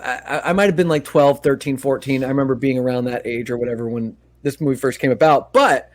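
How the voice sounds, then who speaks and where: A man from Long Island, co-hosting a podcast and chatting casually, animated and swearing freely as he acts out lines. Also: medium pitch, brisk. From Long Island, New York. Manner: animated, acts out movie quotes with laughter, swears a lot. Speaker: podcast co-host. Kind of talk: casual chat.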